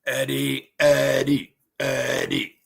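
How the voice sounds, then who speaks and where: Brash, profane New livestream host. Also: male voice, mid-range voice, completely flat delivery, takes it slowly, gravelly, a bit bright. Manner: brash, profane, greets chatters. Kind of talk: casual livestream chat.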